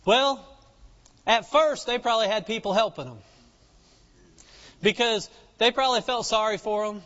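A man's voice: high voice, normal speed, fairly bright tone. A man preaching a sermon in a folksy storytelling way, acting out the people in the story as he goes. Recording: dull lo-fi sound with long reverb.

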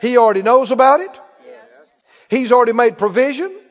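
A man preaching a lively sermon, calling out to the congregation and acting out anxious voices. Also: very high-pitched, a little fast. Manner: animated, calls for responses, acts out worried voices. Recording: dull echoey hall recording.

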